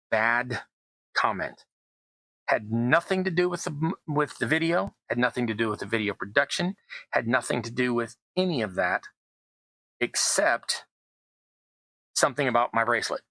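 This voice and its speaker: This middle-aged man narrates his tabletop terrain build in a chatty, self-deprecating way, full of rambling asides, as a crafting YouTuber. He speaks mid-range with a gravelly, pushed, bright sound, and the audio is poor but has no echo.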